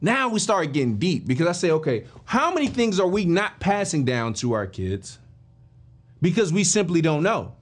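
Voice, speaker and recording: A man hosting a podcast, telling a motivational story in an animated way and talking straight to his listeners. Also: a little high, moderate pace. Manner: animated, addresses listeners directly and informally; emphatic with frequent restarts and fillers. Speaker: podcast host.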